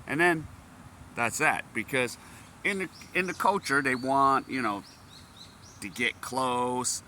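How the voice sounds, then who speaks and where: Bright-voiced man, laughing vlogger. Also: mid-range voice, slow pace, long pauses, slight background noise. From United States. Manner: laughs often, breaks into amused exclamations. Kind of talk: casual vlog chat.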